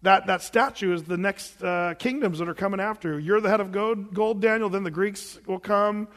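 Male pastor, high voice, sermon in a church with long reverb, dramatic retelling. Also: fairly even intonation, normal speed, fairly bright tone. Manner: rhetorical questions and dramatized retellings.

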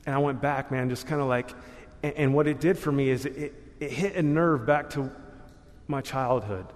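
A man's voice: medium pitch, moderate pace. A man giving a church testimony in a loose, casual storytelling way, full of slang and laughing at himself. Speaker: guest speaker sharing testimony. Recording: long hall reverb.

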